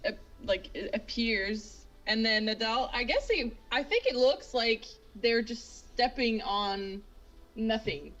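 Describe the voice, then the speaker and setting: A woman's voice: fairly high pitch, lively intonation, takes it slowly, fairly bright tone, muffled recording, faint music behind. A woman playing a tabletop game, hesitant and giggly. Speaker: player. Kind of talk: casual tabletop play.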